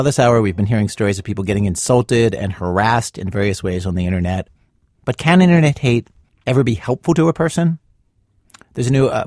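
A man's voice: on the low side, darkish tone. A man hosting a radio show, conversational and lightly amused.

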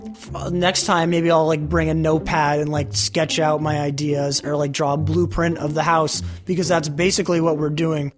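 A man's voice: a little high, little pitch movement, moderate pace, music in the background. A young man in his late teens, speaking casually in an interview, chatty and full of "like" fillers.

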